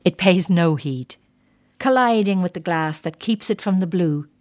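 A middle-aged woman narrates a first-person story at a measured pace. Her voice sits a little low, and her reading is reflective with a quietly bitter edge.

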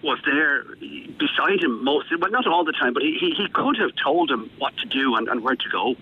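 A man calling a radio show, halting and restarting his words often. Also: on the high side, animated, husky. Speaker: caller. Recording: dull phone line with faint noise.

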